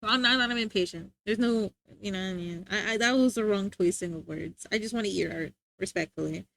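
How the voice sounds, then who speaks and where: A young woman streaming live, chatting casually with viewers, giggly, excitable and rambling. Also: medium pitch, quick pace, gravelly.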